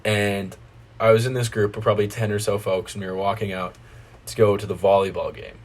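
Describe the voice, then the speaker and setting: Young American man, husky low voice. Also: a little fast. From United States. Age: young adult. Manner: animated, swearing, jumps into put-on voices. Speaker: guest. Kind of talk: casual storytelling chat.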